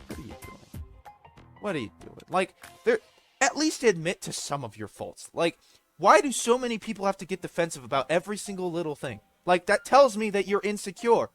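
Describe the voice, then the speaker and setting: A man's voice: sits high, a bit bright. A man commenting over gameplay footage, ranting bluntly, swearing freely and explaining himself at length. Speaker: gaming video creator.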